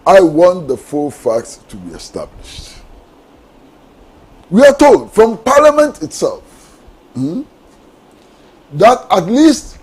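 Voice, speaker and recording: A man's voice: sits high, darkish tone, breathy edge, poor audio. A man, a panelist giving impassioned political commentary on a talk show, asking repeated rhetorical questions. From Ghana.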